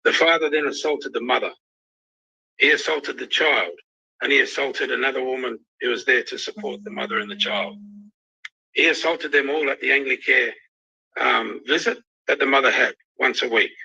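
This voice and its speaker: A man's voice: medium pitch, moderate pace, vocal fry, bright, forceful tone, a little hiss or hum. An angry, emotional Australian man ranting on a livestream, swearing constantly. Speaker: youth worker ranting on a livestream. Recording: dull lo-fi livestream audio.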